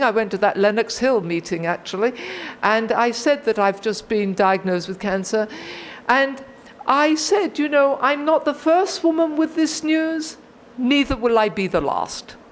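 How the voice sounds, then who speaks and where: A woman in her sixties telling a personal story at a recovery meeting, animated and acting out her own thoughts. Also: on the high side, slight background noise. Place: meeting hall.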